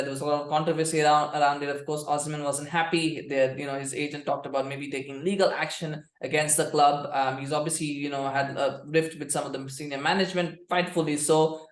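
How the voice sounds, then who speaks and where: Male football podcast host, quick and rambling, sarcastic, echoey room. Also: a little high. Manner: rambling, many restarts and fillers, sarcastic. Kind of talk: casual commentary.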